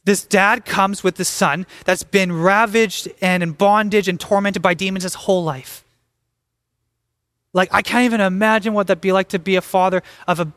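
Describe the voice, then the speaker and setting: A young adult man preaching a sermon as pastor, animated and acting out the voices of the people he talks about. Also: sits high, dry recording.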